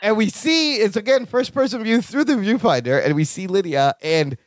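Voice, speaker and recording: Man podcast co-host, high and very animated, dry close mic, quick reactive chat. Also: no echo. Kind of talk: casual recap chat.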